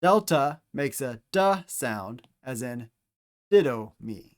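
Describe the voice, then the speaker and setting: Slow, deliberate male Greek teacher. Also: mid-range voice, expressive. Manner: slow, deliberate, repeats each example word. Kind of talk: slow instructional pronunciation lesson.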